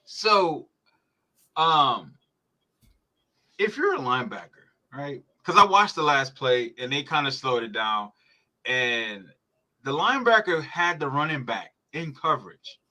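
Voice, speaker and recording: Bright-voiced man ranting about football. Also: medium pitch, very animated, measured pace. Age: adult parent. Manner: profane, heated sports rant. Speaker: podcast host. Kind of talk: live football reaction chat.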